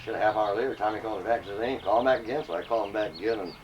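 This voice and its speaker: A man casually telling profane, animated stories about his old police dispatching days. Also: lowish voice, rapid-fire, dull audio. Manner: profane, animated anecdotes with acted quotes. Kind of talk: casual storytelling among old friends. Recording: distant mic, noisy home recording.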